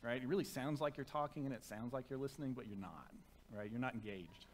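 A man preaching a sermon to a church congregation through a microphone, conversational and self-deprecating, turning soft and reverent in prayer. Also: medium pitch, fast, a little hiss or hum. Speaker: pastor. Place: church sanctuary.

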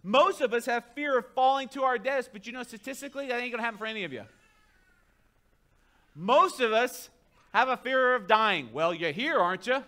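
High, bright-voiced preacher man. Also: expressive, brisk. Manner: conversational, asks the congregation questions. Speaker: pastor. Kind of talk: sermon.

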